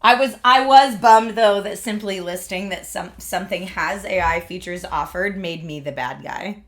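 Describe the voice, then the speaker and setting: Hosting a livestream, a Pennsylvania woman in her thirties chats casually at normal speed in a mid-range, fairly bright voice. She laughs often and leans on "like" as filler.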